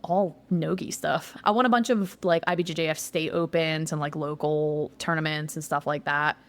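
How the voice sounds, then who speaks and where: A young woman with a slightly low voice tells the story of her competitions in a relaxed interview. She talks in a loose, chatty way, sprinkling in "like" and swearing now and then when she gets excited. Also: moderate pace. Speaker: guest, jiu-jitsu competitor.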